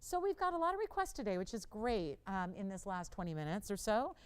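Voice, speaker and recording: A woman hosting a live shopping channel, chatting upbeat through a jewelry sales pitch and talking to operators and callers from a studio lapel mic. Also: expressive, brisk, clean tone. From Los Angeles. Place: television studio.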